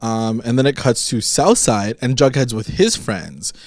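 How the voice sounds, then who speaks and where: A man's voice: mid-range voice, expressive, measured pace, darkish tone, dry recording. Male podcast co-host, easygoing slangy delivery, dry studio sound. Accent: Canadian. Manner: laid-back slangy retelling with acted-out quotes. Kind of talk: casual recap chat.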